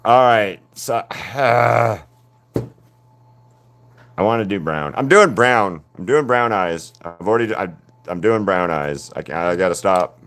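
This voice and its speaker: A man's voice: lowish voice, lively intonation, measured pace, fairly bright tone, clean tone. A man chatting casually on a live painting stream, rambling with many fillers and restarts.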